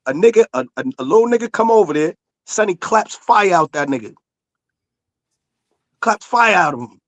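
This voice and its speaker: A high-pitched man argues hard, circling back to restate his point again and again over interruptions. The sound is dry and close, with no room around it. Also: animated, moderate pace, no echo. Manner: insistent, repeats himself, talks over others. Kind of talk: heated casual argument.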